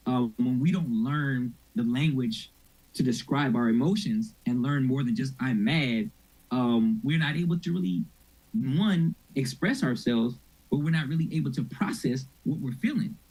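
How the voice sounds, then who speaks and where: A husky-voiced middle-aged man teaching a church mental health session. He talks informally and keeps checking whether his listeners are following. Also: mid-range voice, a little mellow, poor audio. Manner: conversational, informal, asks audience questions. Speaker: mental health ministry speaker.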